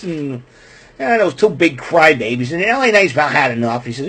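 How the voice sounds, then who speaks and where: Husky guy rambling thru a wrestling recap, kinda high voice, clears his throat a lot. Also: big pitch swings, normal speed, fairly bright tone, poor audio. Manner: rambling, repeats himself, fired up at villains.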